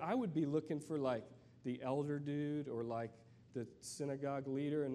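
A man giving a sermon as a guest preacher, conversational and searching, with many fillers and restarts, and reading scripture slowly. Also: fairly high pitch, dark tone, slight background noise.

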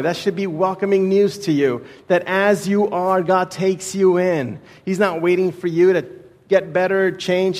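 Guest preacher, thirties, from Texas; casual storyteller, slightly high voice, long hall reverb. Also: male voice. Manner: casual, storytelling, with many restarts. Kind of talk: sermon with personal story. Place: church sanctuary.

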